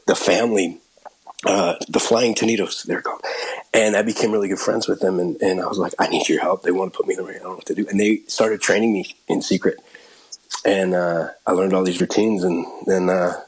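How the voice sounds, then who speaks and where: A man's voice: sits low, husky, low-quality recording. A middle-aged actor telling a long anecdote in a casual interview, laughing and restarting as he goes. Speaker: actor and guest.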